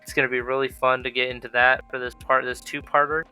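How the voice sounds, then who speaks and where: Young male host, clear resonant voice, jokey and profane. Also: mid-range voice, flat delivery, fast, bright, forceful tone, faint music behind. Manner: joking, loose and profane. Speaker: podcast host. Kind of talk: casual chat.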